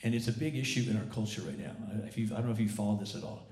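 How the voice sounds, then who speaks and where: A male pastor preaching a sermon conversationally, his voice roughened from a recent illness, with frequent restarts and repeated words. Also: fairly low pitch, very fast, darkish tone. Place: church service. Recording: echoey church sanctuary.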